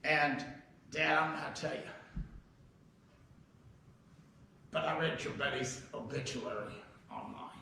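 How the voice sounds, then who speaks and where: A man's voice: on the high side, takes it slowly, vocal fry, pauses often, bright, forceful tone, slight background noise. Folksy pastor man telling a story in an echoey church. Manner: conversational, folksy storytelling, acting out quoted dialogue. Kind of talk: storytelling sermon. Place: church sanctuary. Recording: echoey church hall, mic heard from a distance.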